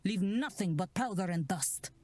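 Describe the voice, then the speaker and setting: An actress playing a solemn woman obsessed by a cursed vase, speaking gravely and hushed in a game. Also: mid-range voice, animated, a little hiss or hum, natural voice. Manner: slow, grave, hushed delivery. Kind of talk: game character dialogue.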